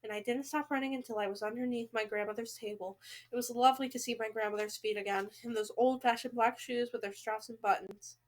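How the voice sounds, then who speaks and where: High-voiced dramatic woman reading aloud. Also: steady tone, quick pace. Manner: dramatic, emotional exclamations. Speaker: book reader. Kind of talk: reading a novel aloud with reactions.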